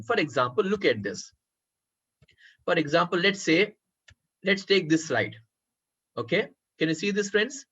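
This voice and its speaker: Husky man teaching a software workshop. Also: a little high, expressive, normal speed, long pauses. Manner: addresses listeners as friends, checks if they can see. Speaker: workshop trainer. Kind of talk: live software tutorial. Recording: muffled lo-fi recording.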